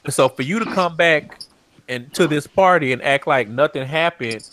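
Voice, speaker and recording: A man co-hosting a podcast recap in casual chat, blunt and profane, with animated rants. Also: a little high, moderate pace. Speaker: podcast co-host.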